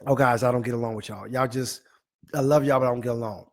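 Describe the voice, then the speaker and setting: Guy hosting a live online show, reading viewer comments, teasing and animated, mid-pitched voice. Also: fast. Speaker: host.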